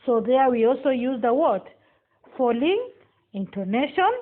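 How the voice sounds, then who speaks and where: A woman gives a classroom lesson in a fairly high voice. She speaks slowly and deliberately and leans on each example sentence. The sound is thin and tinny, like a phone line. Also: sing-song. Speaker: teacher.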